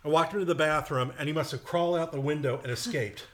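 A man chatting on a podcast in a halting, hesitant way with a dry delivery. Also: fairly high pitch, fairly bright tone. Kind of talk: casual chat.

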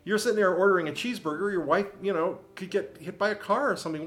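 A man's voice: high voice, fast, fairly bright tone. A middle-aged man, a guest sitting with his wife, earnestly telling his side of the story. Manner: earnest, explains himself. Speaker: her husband, co-guest. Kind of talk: defensive storytelling.

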